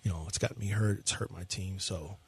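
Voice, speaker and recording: A man doing an impression of a glum baseball pitcher after a loss, low, flat and mumbling, trailing off quietly. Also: brisk, slightly rough, heavily acted. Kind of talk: mock interview impression.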